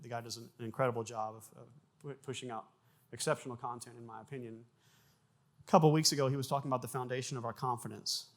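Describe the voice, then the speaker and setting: Male pastor, mid-range voice, relaxed conversational preaching. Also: medium pitch. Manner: conversational preaching with restarts, bursts of loud acted sound effects. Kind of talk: sermon.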